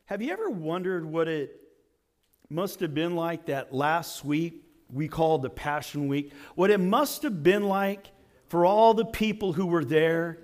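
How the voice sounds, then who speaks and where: A male pastor delivering a sermon to his congregation and podcast listeners. His voice sits notably high for a man, and he preaches with rhetorical questions and dramatic emphasis. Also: lively intonation, a little slow.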